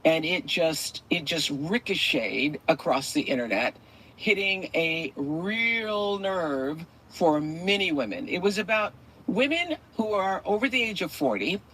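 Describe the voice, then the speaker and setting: A woman's voice: low voice, fairly bright tone, slightly rough, low-quality recording. A woman hosting a talk podcast who tells a story in a conversational way before bringing in her guest. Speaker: podcast host. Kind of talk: hosted talk show.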